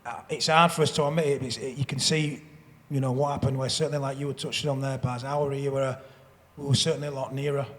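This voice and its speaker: A man of ordinary pitch talks on a festival stage, rambling through his points and tripping over repeated words as he restarts. His voice rings out with the long reverb of a large hall. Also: level tone, fast, fairly bright tone. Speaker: panel guest, former rugby league player. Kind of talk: live stage conversation.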